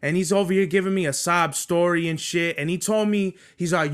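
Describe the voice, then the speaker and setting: A young man hosting a podcast, telling a workplace story as a profane, animated rant full of street slang. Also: high voice, brisk, few pauses, clean tone. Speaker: podcast host.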